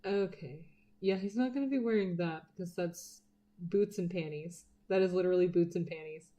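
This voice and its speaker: A woman's voice: fairly low pitch, normal speed, dark tone. A woman chatting casually while drawing on a live stream, rambling and swearing freely, often dropping to a murmur as she works. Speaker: art streamer.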